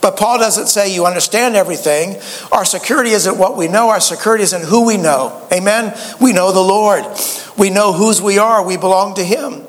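A man's voice: sits high, a little fast, big-room sound. A man preaching a sermon, a folksy storyteller who often stammers and restarts his sentences. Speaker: pastor.

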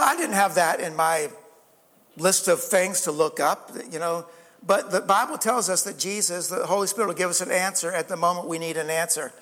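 High-voiced preaching man in a reverberant hall. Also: a bit bright. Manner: earnest preaching with rhetorical questions and call-outs of amen. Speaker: pastor. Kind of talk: sermon.

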